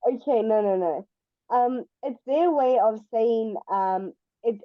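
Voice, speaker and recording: A woman's voice: on the high side, slow, no echo, muffled recording. A woman tutoring English one-on-one over a video call, explaining patiently with examples. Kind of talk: one-on-one online English lesson.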